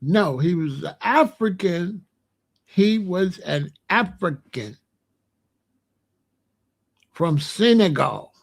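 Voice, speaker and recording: A man in his sixties hosting a livestream, chatting casually to his live chat in a slow, repetitive, drawling way. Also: sits high, expressive, creaky. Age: 60s. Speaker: livestream host.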